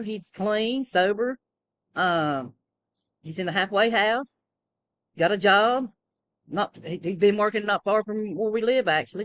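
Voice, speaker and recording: A woman's voice: fairly low pitch, a bit bright. A woman rambling through a casual personal monologue, full of fillers and restarts. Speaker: vlogger.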